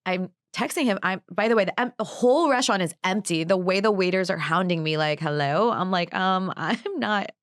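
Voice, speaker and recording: A young adult woman co-hosting a podcast, telling dating stories in a blunt, animated way and swearing freely. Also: lowish voice, fast talker, hardly any pauses, no echo, clean studio sound. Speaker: podcast co-host. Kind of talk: casual chat, storytelling. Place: New York.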